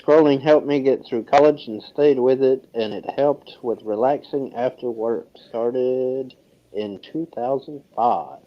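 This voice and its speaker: A man's voice: mid-range voice, a little slow, highs cut off, a little hiss or hum. A man co-hosting a casual livestream from home, joking and playful. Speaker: livestream co-host. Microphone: remote call, earphones.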